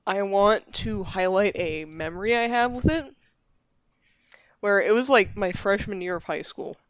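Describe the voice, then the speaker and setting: A young woman chats as a podcast guest, earnest and a bit rambling, her voice smooth and clear. The recording is a little dull and lo-fi. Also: mid-range voice. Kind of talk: casual podcast chat.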